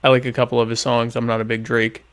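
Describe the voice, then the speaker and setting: Deadpan guy rambling thru listener questions while he eats, gravelly voice, lots of restarts. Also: medium pitch, quick pace. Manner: talks while eating dinner. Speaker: podcast host. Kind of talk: casual solo chat answering listener questions.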